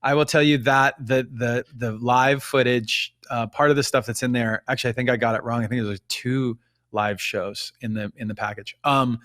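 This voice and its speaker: A man's voice: medium pitch, fairly even intonation, normal speed, a bit bright. A man in his forties, a musician guest, chatting casually in an interview and rambling with many restarts.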